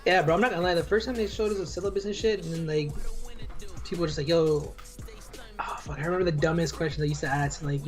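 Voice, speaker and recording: A young man co-hosting a podcast, telling rambling stories in relaxed casual chat. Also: a little high, fast talker, faint music behind. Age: young adult. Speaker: podcast co-host.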